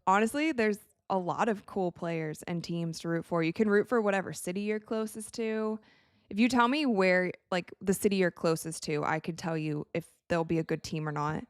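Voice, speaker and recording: A young woman from Wisconsin hosting a live game watch party, chatting casually and reacting excitedly to plays as she talks. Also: fairly low pitch, moderate pace, clear, resonant tone, dry recording, clean studio sound. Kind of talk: live casual commentary to chat.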